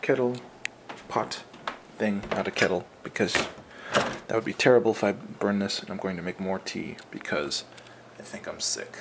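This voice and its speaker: A man's voice: on the low side, normal speed. A young man talking casually through his day in a rambling, chatty, self-mocking way. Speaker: vlogger. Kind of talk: casual daily vlog. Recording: noisy background ambience.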